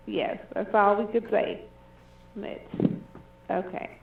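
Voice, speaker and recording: A woman's voice: mid-range voice, level tone, slow pace, creaky, long pauses. A woman working as a cruise booking agent, polite and businesslike on a customer service call. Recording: tinny echoey phone line.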